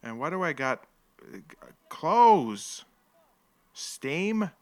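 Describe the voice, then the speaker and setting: A man's voice: a little high, big pitch swings, drawn-out words. A man hosting a live stream, casually commenting on an old fight with jokes, rambling asides and frequent laughter. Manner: rambling, joking, laughs often. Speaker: livestream host.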